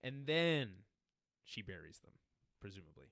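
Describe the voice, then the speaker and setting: A man's voice: medium pitch, big pitch swings, measured pace, fairly bright tone, no room sound. A man co-hosting a podcast, talking through a TV episode in easy, chatty recap. He laughs often and slips into the lines of the scenes as he retells them. The sound is close and dry, with no room around it. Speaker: podcast co-host.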